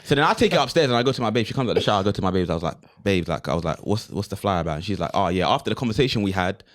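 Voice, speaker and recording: A man's voice: sits low, rapid-fire. A young man, co-hosting a podcast and telling a comic story, acting out quotes and laughing often. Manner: animated, laughing, acts out quotes. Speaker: podcast co-host. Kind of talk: comedic storytelling.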